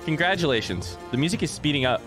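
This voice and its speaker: A young man streaming a game for his chat, chatty and reading the on-screen text aloud. His pitch moves a lot, sitting in the middle range, with game music playing clearly behind him. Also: animated, moderate pace. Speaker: let's play streamer. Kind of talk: casual gameplay commentary.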